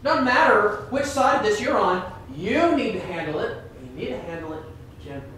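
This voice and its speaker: A minister teaching a Bible class, emphatic and conversational, asking the class questions. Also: male voice, high-pitched, very animated, normal speed, a bit bright. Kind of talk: interactive Bible class sermon. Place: church classroom. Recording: echoey room from far off, faint noise.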